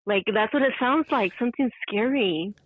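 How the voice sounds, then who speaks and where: A woman's voice: fairly high pitch, normal speed, no echo, phone-quality sound. A woman guest in a casual podcast chat, talking in a chatty way with lots of "like" and casual swearing. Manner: chatty, frequent "like", swears freely.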